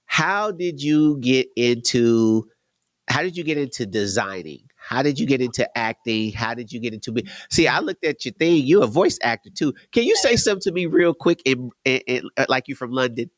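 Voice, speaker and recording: A man in his fifties hosts an interview with loose, slangy, playful banter. His voice is dry and close, with almost no room sound, and sits at a medium pitch. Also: expressive, moderate pace, no echo. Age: 50s. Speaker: host. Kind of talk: interview conversation.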